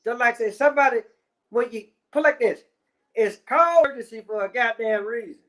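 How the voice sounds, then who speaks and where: A man's voice: very high voice, brisk, sharp tone. A man ranting in casual commentary, heavy on swearing and repeated fillers. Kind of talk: profane rant.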